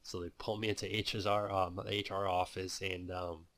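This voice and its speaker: A man's voice: sits low, flat delivery, fairly quick, fairly bright tone, dry recording. A man telling his own story and teaching day trading in a loose, rambling way, full of "you know" fillers. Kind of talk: casual spoken testimony.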